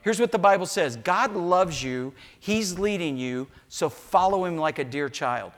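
A man's voice: sits high, unhurried. An older man, a pastor preaching a sermon in church, telling homespun stories and joking with the congregation. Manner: animated storytelling with asides to the congregation. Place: church sanctuary.

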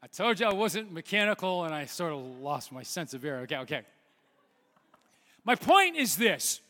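A man in his fifties preaching a sermon, halting with fillers and restarts, then building to loud emphatic preaching. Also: sits high, sing-song. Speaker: pastor. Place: church sanctuary. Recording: long hall reverb.

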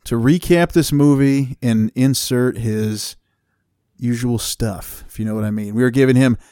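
A man's voice: mid-range voice, measured pace, mellow, clear, resonant tone, no room sound. A man hosting a podcast, introducing and timing a segment in a dry, understated way. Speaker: podcast host. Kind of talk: casual chat.

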